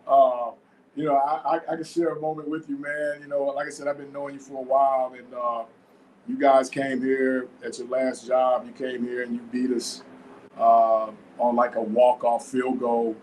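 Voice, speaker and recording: A man's voice: medium pitch, little pitch movement, normal speed, darkish tone, a little hiss or hum, low-quality recording. Laid-back male podcast host from Florida. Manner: laid-back, frequent fillers like "man" and "you know". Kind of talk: casual podcast interview.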